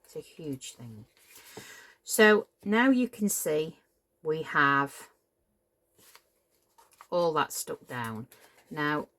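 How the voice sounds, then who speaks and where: A woman's voice: low-pitched, sing-song, extremely slow, long pauses, fairly bright tone. A middle-aged woman, casually demonstrating a papercraft build, chatty and apologetic and prone to tangents. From Cheshire, England. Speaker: papercraft tutorial host.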